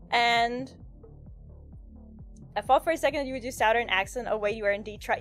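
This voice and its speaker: A woman's voice: on the high side, brisk, long pauses, faint music behind. A woman streaming a game, chatting casually and rambling through stories with lots of fillers and giggles. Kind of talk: casual live-stream chat.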